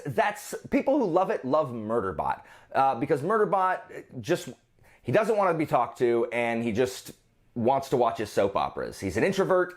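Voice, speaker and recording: Guy rambling thru a book review vlog, pitch bouncing all over, keeps restarting his sentences. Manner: rambling, self-interrupting, frequent restarts.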